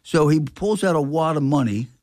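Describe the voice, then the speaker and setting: An older man tells a tale from his record store. His voice sits a little high and sounds dry and close, with no room around it. He bounces into the voices of the people he quotes. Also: moderate pace, no room sound. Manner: animated, acts out quoted dialogue. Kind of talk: casual storytelling.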